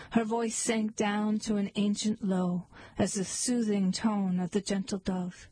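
A woman reading poems aloud in a slow, measured, lilting recitation. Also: mid-range voice, fairly even intonation, mellow, rough recording. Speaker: poetry reader.

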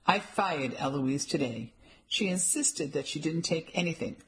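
A woman's voice: deep voice, animated, measured pace, a bit bright, low-quality recording. Woman reading as an indignant, gossipy shop owner who plows ahead, audiobook dialogue.

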